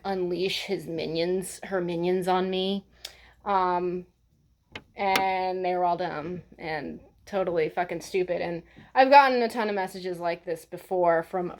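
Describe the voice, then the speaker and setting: Blunt, sarcastic woman with a lowish voice. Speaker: vlogger. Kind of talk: casual ranting vlog.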